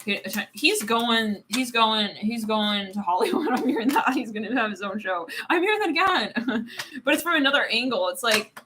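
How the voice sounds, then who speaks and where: A woman's voice: a little high, lively intonation, moderate pace, noisy background. A woman doing a live tarot reading, rambling and giggling, filling her talk with "it's like". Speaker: tarot reader.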